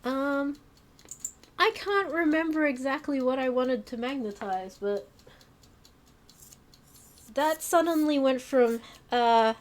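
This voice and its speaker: A woman's voice: sits high, slow, pauses often. A woman streaming from her home stream room, chatting casually and rambling with fillers and self-mocking asides. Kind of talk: casual chat while unpacking on stream.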